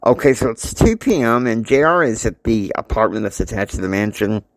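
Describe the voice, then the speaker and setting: A man's voice: on the low side, animated, no room sound. Rambling male storyteller. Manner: rambling, with restarts and quick asides. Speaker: podcast host and storyteller. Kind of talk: casual story retelling with acted quotes.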